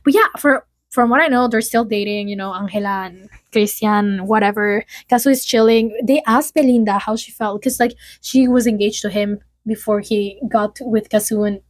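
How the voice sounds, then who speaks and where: With a mid-range voice at normal speed and few pauses, a young adult woman rambles through a chatty gossip vlog to camera, filled with "like." There's no echo.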